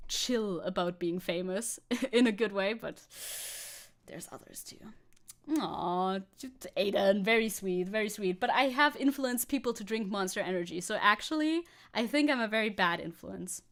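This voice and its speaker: A young woman from Germany streaming as a VTuber, chatting casually with her audience, reading comments aloud and laughing often. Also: moderate pace. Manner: chatty, laughs often, reads chat aloud, jumps high when excited. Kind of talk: casual livestream chat.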